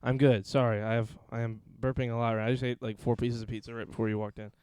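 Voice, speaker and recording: A man's voice: medium pitch, flat delivery, quick pace, a little mellow, smooth. A man hosting a podcast from his home streaming setup, chatting casually, rambling and joking with a lot of swearing. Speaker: podcast host. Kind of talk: casual chat.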